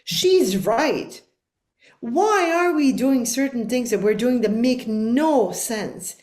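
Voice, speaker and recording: A woman's voice: on the high side, lively intonation, slow, darkish tone, reverberant. A middle-aged woman speaking as a life coach guest on a podcast, talking in an earnest, reflective and emphatic way. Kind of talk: podcast conversation.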